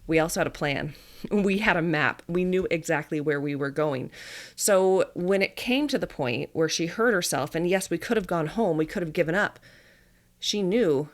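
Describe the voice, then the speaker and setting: A woman in her thirties, a dietitian and mother, hosting a podcast and retelling a family story in a chatty, animated way with little laughs. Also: on the low side, moderate pace. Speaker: podcast host. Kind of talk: casual storytelling monologue.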